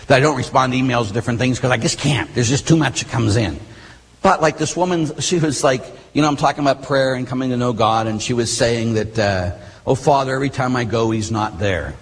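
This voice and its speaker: A middle-aged man, a Catholic priest, preaching a sermon with animated storytelling and casual asides. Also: medium pitch, fairly quick, husky. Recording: long hall reverb.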